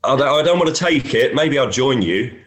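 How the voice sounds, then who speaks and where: A man's voice: medium pitch, expressive, brisk, fairly bright tone. A man, a golf caddy, telling anecdotes in a casual chat and often laughing as he talks.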